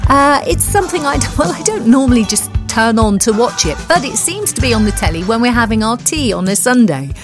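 A woman's voice: fairly high pitch, expressive, brisk, hardly any pauses, music in the background. A woman radio presenter, chatting gushingly between songs in a studio. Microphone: studio microphone.

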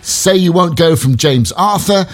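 A man's voice: a little high, expressive, measured pace, faint music behind. A male radio presenter doing breezy, playful chat between songs on a morning show.

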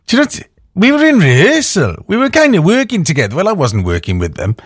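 A man's voice: a little high, huge pitch swings, quick pace, husky, dry recording, studio quality. A man hosting a radio show in casual, chatty talk. He tells stories and thinks aloud with plenty of fillers. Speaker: radio host.

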